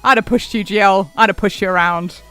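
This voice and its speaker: A man's voice: high-pitched, steady tone, brisk, pushed and bright, smooth. A man streaming a game, chatting casually and rambling, laughing often as he answers chat. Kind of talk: casual live-stream chat while gaming. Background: faint background music.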